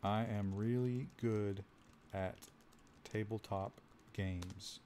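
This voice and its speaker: A man doing a low, slow, smarmy adventurer. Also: fairly even intonation, warm tone, a little hiss or hum. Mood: mock-smooth. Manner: low, slow, mock-seductive murmur.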